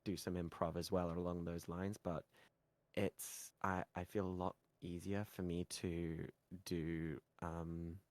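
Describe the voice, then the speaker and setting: British man, very deep voice, casual chatty talk, voice call, dry sound. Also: little pitch movement, slow, a little mellow, no echo. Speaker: guest ASMR roleplay creator. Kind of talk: casual chat.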